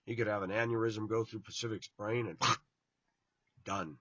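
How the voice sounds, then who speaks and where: A man giving a blunt, informal sermon to his online viewers, tired and yawning, his voice swinging from loud to hushed. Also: lowish voice, fairly even intonation, a little slow, dry recording, muffled recording. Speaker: online preacher.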